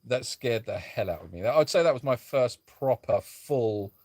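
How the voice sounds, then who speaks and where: A man co-hosting a casual live chat, wandering from thought to thought in a rambling, musing way. His pitch swings widely and animatedly as he talks. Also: expressive, moderate pace, a little mellow, no echo, clean studio sound. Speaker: sanctuary co-host.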